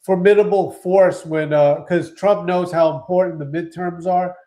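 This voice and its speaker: Excitable high-voiced male co-host. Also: normal speed. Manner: excitable, restarts sentences, laughs often. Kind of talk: casual live-stream chat.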